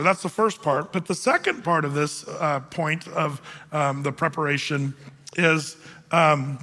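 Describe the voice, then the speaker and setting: A man's voice: a little high, bright, forceful tone, long reverb tail. A man pastor teaching through a Bible passage in a conversational way, with many fillers and restarts.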